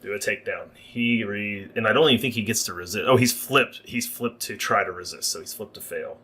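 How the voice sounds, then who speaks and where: A man's voice: on the low side, a little fast, a bit bright. A man narrating as game master for a livestreamed tabletop game, explaining the rules at length.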